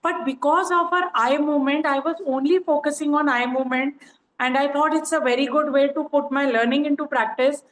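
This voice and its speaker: A woman's voice: high-pitched, fairly even intonation, a little fast, echoey room, poor audio. A woman sharing her experience on a coaching call, talking casually with many "you know" fillers. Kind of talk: casual online group call.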